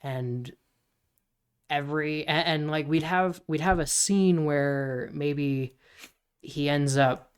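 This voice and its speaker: A podcast co-host talking casually, rambling and restarting while pitching story ideas. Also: slow, clean tone. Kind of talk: casual brainstorming chat.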